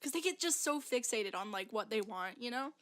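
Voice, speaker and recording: Chatty young woman with a higher voice. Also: animated, brisk, fairly bright tone. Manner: rambling storytelling full of "like" fillers and laughs. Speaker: podcast co-host. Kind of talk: casual chat.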